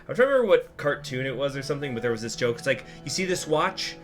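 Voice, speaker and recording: A man casually commenting over his gameplay, thinking aloud and tossing in wry jokes. His voice sits at an average pitch, relaxed and conversational, with the easy flow of a regular game channel host. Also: rapid-fire, faint music behind. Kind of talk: casual let's-play commentary.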